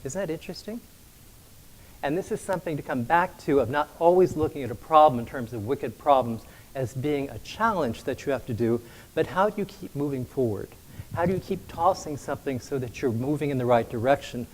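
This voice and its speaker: A man's voice: medium pitch, lively intonation, brisk, rough recording. Man presenting from a stage. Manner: storytelling, asks for next slide. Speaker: conference presenter.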